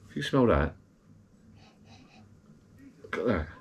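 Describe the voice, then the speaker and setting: A man's voice: sits low, big pitch swings, slow pace, a little hiss or hum. A man rambling in casual chat from his backyard garden bar, drifting from topic to topic. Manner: rambling, digressive, chatty. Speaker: vlogger.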